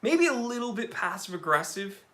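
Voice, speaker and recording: This is a young man with a high-sitting voice, talking at normal speed as he hosts a live stream about watches. He keeps things casual and gets excited reading viewer comments out loud.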